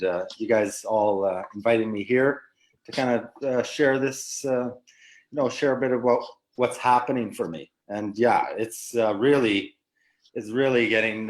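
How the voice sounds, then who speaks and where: A man from Canada chatting casually on a livestream, halting and padding his talk with fillers. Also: medium pitch, rough recording. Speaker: team member guest. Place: Philippines, beach behind him.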